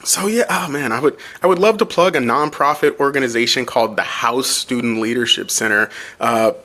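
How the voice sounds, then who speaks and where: An earnest man speaking as a podcast guest, mid-pitched and conversational. He tells stories loosely, circling back and restarting as he goes. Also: brisk, sharp tone. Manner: earnest storyteller, frequent restarts and "you know". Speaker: home care agency owner, guest. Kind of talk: casual interview.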